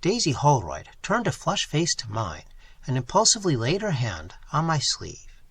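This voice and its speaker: A man reading a first-person story aloud in an expressive, animated way. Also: on the high side, moderate pace, slight background noise. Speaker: audiobook reader.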